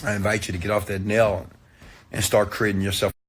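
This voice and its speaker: A man giving a motivational talk, preachy and animated, often checking in with "okay?". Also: fairly low pitch, fairly quick, slightly rough. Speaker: motivational speaker.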